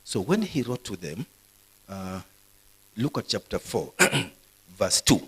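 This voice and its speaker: Middle-aged pastor, husky lowish voice, lively live preaching. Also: male voice, slow pace, poor audio. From Kenya. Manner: animated preaching, acts out stammers, swings loud and soft. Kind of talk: sermon. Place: university hall, live service.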